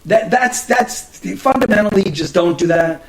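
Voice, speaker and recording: A man's voice: sits high, normal speed, rough recording. A middle-aged man hosting a podcast, telling rambling stories in casual chat, cursing often and restarting his sentences. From New Jersey. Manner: rambling, profane, many restarts and fillers. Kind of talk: casual storytelling monologue.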